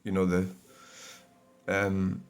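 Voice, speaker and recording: A man's voice: low voice, completely flat delivery, extremely slow. Scottish man, blunt and rambling. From Scotland. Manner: rambling, blunt, swears freely. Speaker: dashcam channel host. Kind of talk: casual vlog talk while reviewing comments.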